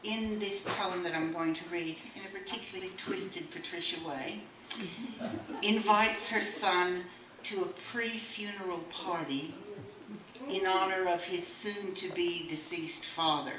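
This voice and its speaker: At a book launch in a bookshop room, a woman with a fairly low, fairly even voice speaks wryly and reads a poem aloud without hurrying. She's far from the mic, so the recording is echoey with faint noise.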